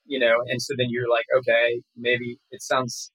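A man talking casually as an actor guest in an interview, rambling and relaxed with many fillers and restarts. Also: mid-range voice, normal speed, few pauses, husky, no room sound, poor audio.

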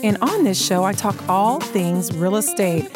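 A woman's voice: medium pitch, expressive, unhurried, over music. A woman hosting a casual radio talk show, upbeat and chatty, laughing often, her voice a little worn. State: slightly lost voice.

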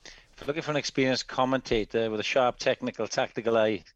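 A man's voice: mid-range voice, steady tone, quick pace, no room sound, lo-fi sound. A man, a rugby commentator, chatting casually and teasing his co-hosts. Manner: teasing, banter-heavy. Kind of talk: casual chat.

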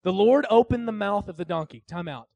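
A man's voice: high voice, a little fast, vocal fry, darkish tone, no echo. A man preaching a sermon in a casual, joking storytelling manner, speaking asides to his congregation. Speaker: pastor.

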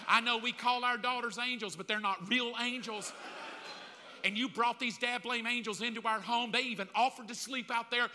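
A man's voice: very high voice, fairly even intonation, normal speed, pushed and bright. A middle-aged man preaching a sermon, telling the story with humor and acting out the voices of a crowd. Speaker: pastor. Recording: long reverb of a large hall.

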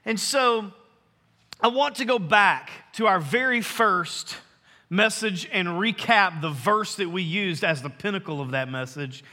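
A man preaching a sermon to his congregation, earnest and emphatic, slowing down to stress key phrases. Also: sits high, expressive, pushed and bright. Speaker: pastor. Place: church sanctuary. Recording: long hall reverb.

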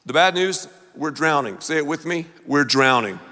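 Man, pastor, lively sermon delivery, bright forceful voice, call-and-response, long hall reverb. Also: fairly high pitch, normal speed. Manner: animated, call-and-response with congregation.

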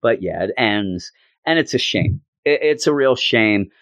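A man's voice: on the low side, a little slow, dry recording. A man hosting a podcast, chatting casually and jokily as he reviews a comic book. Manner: rambling, jokey, animated retelling. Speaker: podcast host.

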